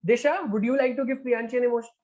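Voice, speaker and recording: A man's voice: extremely high pitch, steady tone, rapid-fire, a little mellow. A man hosting an online group activity, chatty and encouraging, often saying "all right". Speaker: activity host. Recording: dull lo-fi call audio.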